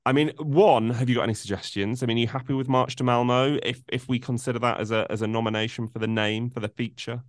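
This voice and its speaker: A man's voice: medium pitch, fairly even intonation, fast talker, few pauses, no room sound, studio quality. A man hosting a podcast, chatting playfully with restarts and jokes at his own expense. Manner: playful, self-mocking, hesitant restarts. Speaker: podcast host. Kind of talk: casual podcast interview.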